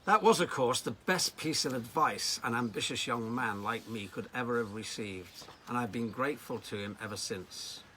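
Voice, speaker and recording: A man from Liverpool, a riding coach, telling personal anecdotes in a lively, storytelling way. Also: medium pitch, normal speed, a little hiss or hum. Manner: anecdotal, lively delivery with acted quotes.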